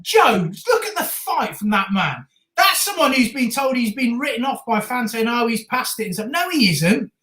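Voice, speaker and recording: A woman co-hosting a live stream, reacting enthusiastically to a football match and shouting at big moments. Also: a little high, very animated, normal speed, echoey room. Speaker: stream co-host.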